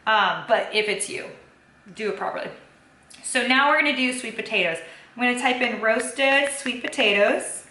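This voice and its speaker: A woman's voice: a little high, normal speed, bright, forceful tone, a little hiss or hum. Chatty young woman in an echoey kitchen. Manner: chatty, many fillers like um and kinda. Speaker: fitness vlogger. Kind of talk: casual cooking and tracking walkthrough. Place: home kitchen. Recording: echoey kitchen with faint ambience.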